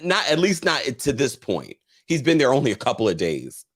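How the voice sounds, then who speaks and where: A man hosting a casual reality TV recap, chatty and animated, reading viewer comments aloud and laughing often. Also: medium pitch, moderate pace, slightly rough. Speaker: host.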